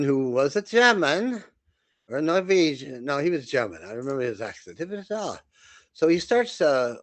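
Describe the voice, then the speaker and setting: An older man, a comedian and podcast host, telling stories in a casual, animated way, repeating words and acting out voices. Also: mid-range voice, no echo. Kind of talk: casual storytelling.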